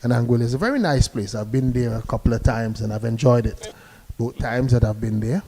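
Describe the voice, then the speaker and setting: A man giving live cricket commentary, chatty and relaxed, sending greetings to listeners between deliveries. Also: medium pitch, a little fast.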